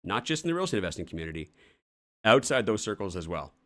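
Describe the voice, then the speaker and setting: Canadian dude hosting, real low voice, rambly and blunt, swears a lot. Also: male voice, very animated, fast, fairly bright tone. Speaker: host. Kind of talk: casual morning show chat.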